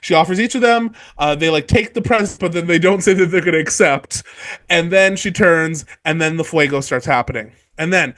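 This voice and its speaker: A man hosting a casual book discussion podcast who talks in an excitable, profane and animated way. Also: on the high side, a little fast. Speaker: podcast host.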